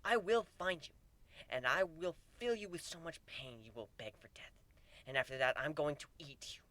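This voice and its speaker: A man voicing a vengeful dragoness who speaks in a low, hushed, menacing tone, in a storybook reading. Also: animated, moderate pace, no echo. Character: menacing dragoness threatening revenge.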